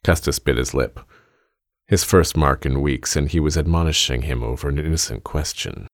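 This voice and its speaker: A man narrating a fiction story in a measured, steady reading. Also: extremely low pitch, dry recording, studio quality.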